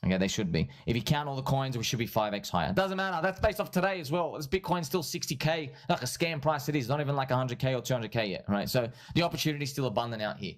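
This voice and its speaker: A man hosting a livestream, giving rambling casual commentary in an excitable, repetitive way and calling his viewers friends and bro. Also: medium pitch, quick pace, hardly any pauses. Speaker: livestream host. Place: at home streaming.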